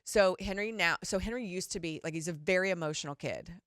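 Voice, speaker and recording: Candid rambling mom on a podcast. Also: female voice, fairly low pitch, fairly quick, clear, resonant tone, dry recording, studio quality. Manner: rambling, animated, candid, swears casually. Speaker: podcast co-host. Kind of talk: casual chat.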